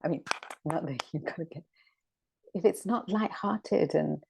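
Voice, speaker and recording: A woman's voice: deep voice, measured pace, gravelly, noisy background. A woman teaching a scripture discussion class, reflective and returning again and again to key words. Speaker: spiritual teacher.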